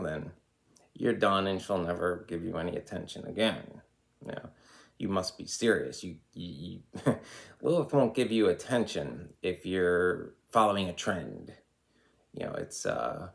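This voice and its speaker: A man's voice: sits low, vocal fry. An American man in his thirties hosting an occult channel, giving a rambling, opinionated spiritual monologue full of "you know.".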